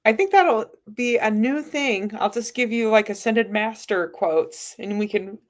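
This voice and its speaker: A woman's voice: a little high, a little slow. A woman co-hosting a casual spiritual chat, reading viewer comments, giggling and agreeing often.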